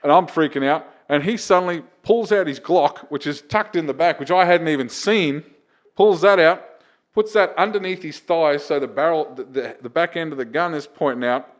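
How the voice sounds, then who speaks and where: Profane comedian telling stories. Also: male voice, fairly high pitch, moderate pace. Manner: animated, profane anecdotes with acted-out quotes. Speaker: comedian and open mic host. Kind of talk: casual podcast storytelling.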